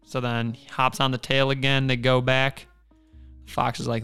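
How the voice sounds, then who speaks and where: A man's voice: medium pitch, level tone, moderate pace, gravelly, sharp tone, clear, resonant tone, faint music behind. A man co-hosting a podcast, retelling a folk tale in a laid-back, rambling casual way. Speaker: podcast co-host. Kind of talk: casual storytelling.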